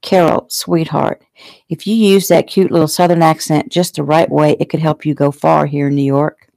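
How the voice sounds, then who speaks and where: A woman's voice: low-pitched, little pitch movement, moderate pace, vocal fry, a little mellow, dry recording. A woman reading the part of a brash, sarcastic woman who teases her friend, in a storybook. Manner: sarcastic, mocking.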